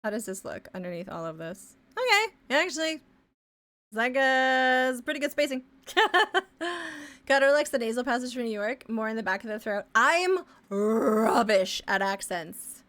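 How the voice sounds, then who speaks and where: A woman from Ontario, chatting casually as a live streamer while she draws. She thinks aloud with many fillers and often trails off into quiet mumbles. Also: a little high, expressive, moderate pace. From Canada, Ontario. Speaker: live streamer and pixel artist. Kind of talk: casual chat while drawing.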